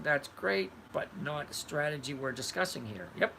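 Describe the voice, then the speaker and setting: Blunt older man with a lively voice. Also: a little high, moderate pace, vocal fry, few pauses, a little hiss or hum, rough recording. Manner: blunt, conversational, answers viewers by name. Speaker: host reading live chat. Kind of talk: casual livestream chat about trading.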